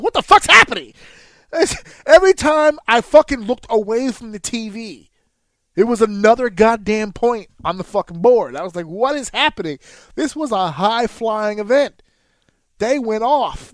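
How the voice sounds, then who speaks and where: A man with a high-pitched voice, recorded without echo, co-hosts a podcast. In casual chat, he tells a profane story and acts out how he reacted.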